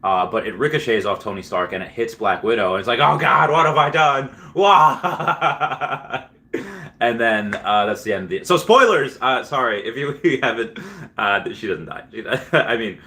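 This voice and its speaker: A man's voice: on the low side, animated, a little fast, bright, forceful tone. A man hosting a casual livestream, telling a rambling story full of fillers and restarts while chatting with viewers. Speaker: livestream host.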